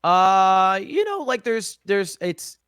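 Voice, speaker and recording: A man's voice: high-pitched, sing-song, slow, fairly bright tone, clean tone, no room sound, clean studio sound. A young man chatting casually as a streamer guest in an interview, rambling and swearing with self-mocking asides.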